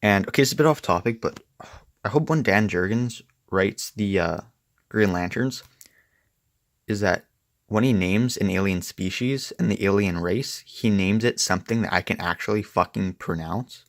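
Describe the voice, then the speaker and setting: Low gravelly young man rambling. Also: normal speed, no room sound, studio quality. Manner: rambling, profane, filler-heavy. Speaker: comic book reviewer. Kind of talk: casual review chat.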